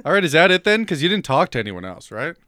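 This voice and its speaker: A man's voice: on the high side, sing-song, quick pace, bright, forceful tone, dry recording. A young man co-hosting a podcast, teasing his friend and laughing often in casual banter. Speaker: podcast co-host.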